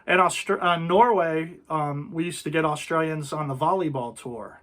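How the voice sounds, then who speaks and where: A man's voice: a little high, moderate pace, fairly bright tone. A man from the United States, chatting casually and telling travel stories. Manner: storytelling, chatty. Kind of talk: casual chat.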